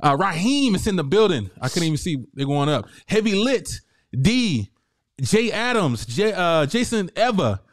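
A man co-hosting a podcast in casual chat, hyped and slangy as he gives shout-outs. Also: high voice, very animated, normal speed, no room sound, clean studio sound. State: out of breath. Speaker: podcast co-host.

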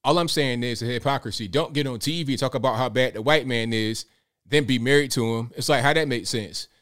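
A man's voice: medium pitch, a little fast, fairly bright tone. Rambling man hosting a commentary stream. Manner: rambling, digressive, addresses viewers directly. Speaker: livestream host. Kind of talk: casual political commentary.

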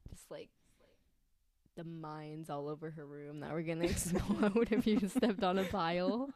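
A woman's voice: fairly low pitch, unhurried. A young woman hosting a podcast, chatting casually with her sister and laughing often. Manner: giggly, animated, laughs often. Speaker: podcast host. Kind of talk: casual chat.

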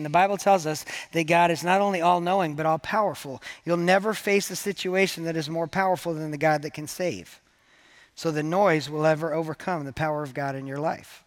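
A man's voice: sits high, steady tone, moderate pace. A man preaching a sermon to his church in a conversational, joking way, acting out the quoted lines. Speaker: pastor.

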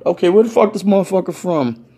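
A man putting on a flashy, loud older uncle, brash and swearing. He is pitched higher and pushed louder than the narrator's own voice, with a husky grain. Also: fast.

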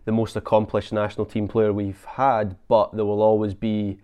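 A Scottish man hosting a casual football podcast, talking with many halting restarts. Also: fairly low pitch, completely flat delivery, mellow, clean tone. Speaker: podcast host.

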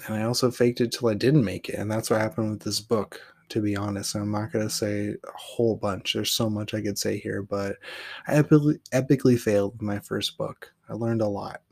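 A man's voice: on the low side, steady tone, brisk, creaky, a little mellow. A man hosting his own podcast, talking through his path as a poet in a candid, rambling monologue with casual swearing. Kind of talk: reflective solo monologue.

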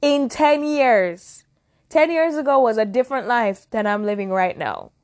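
A woman's voice: a little high, animated, measured pace, a little mellow. A woman in her early twenties from Jamaica, hosting a casual solo podcast in a rambling, reflective way that keeps correcting itself. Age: early 20s. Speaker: podcast host.

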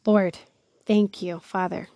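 With a low, gravelly, dark voice and little pitch movement, this woman speaks slowly, with no room sound. She leads a devotional series, reading verses aloud before retelling them in chatty slang; her tone is earnest and awed, punctuated often by "wow."

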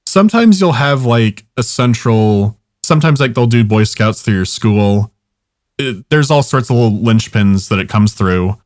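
A man's voice: mid-range voice, animated, a little slow, a little mellow, no echo, studio quality. A young man casually telling a long, rambling story on a podcast, swearing often and laughing at his own jokes.

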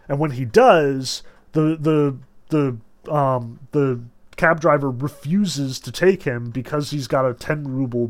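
Man, slightly high voice, chatty book talk, amused asides, filler words. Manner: chatty, lots of "like" and "you know", amused asides. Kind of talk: casual book discussion with read-aloud passages.

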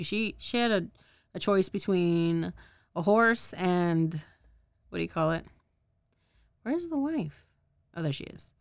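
A woman with a slightly low, smooth voice recaps a movie for her podcast in a loose, rambling way, cursing freely. The recording is dry and close, with no room sound. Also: a bit bright, no room sound. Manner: rambling, profane, laughs at herself. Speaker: podcast host.

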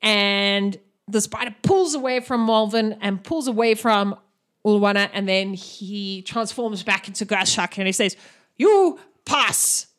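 A woman narrating a tabletop game as game master, animated and giggly. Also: mid-range voice, unhurried.

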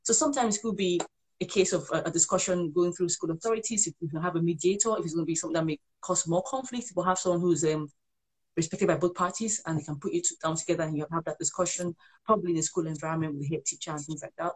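A woman's voice: on the low side, fast talker, darkish tone, slightly rough. A woman who is a parent and author, giving earnest parenting advice in a conversational way and often repeating herself as she explains. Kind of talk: conversational advice on a live show.

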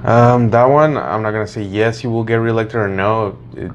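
Hesitant man with a lowish voice. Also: steady tone, normal speed, dull audio, slight background noise. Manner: hesitant, hedging with fillers. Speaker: podcast co-host. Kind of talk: casual chat.

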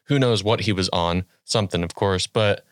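A young man hosting a casual podcast, his voice low and steady. He tells stories in an easygoing way, speeding up in quick bursts. The sound is close and dry, with no room around it. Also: no room sound. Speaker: podcast host.

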